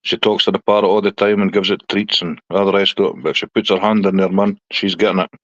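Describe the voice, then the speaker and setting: A man's voice: low-pitched, level tone, fast talker, no echo, lo-fi sound. A man hosting a live stream, telling blunt, sweary stories in casual chat and laughing often.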